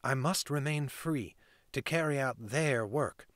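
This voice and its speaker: A guarded young woman traveler, choosing each reply carefully and earnestly, as a man reads her out. The voice is an ordinary male pitch, only slightly lifted, and recorded dry and close. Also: a bit bright, no room sound, close to an everyday voice. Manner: careful, earnest, measured replies.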